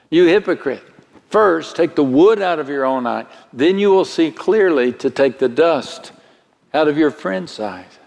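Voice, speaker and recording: Male preacher, slightly high voice, very slow and dramatic, long hall reverb. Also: creaky. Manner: slow, dramatic delivery with sudden swells in pitch. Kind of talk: sermon.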